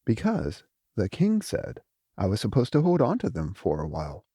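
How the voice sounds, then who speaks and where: A man voicing Bolmek, a calm older brother who is a vast cosmic being, in an audiobook; matter-of-fact and unruffled. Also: fairly low pitch, normal speed, slightly rough, no room sound, studio quality, full character voice. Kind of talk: audiobook character voice.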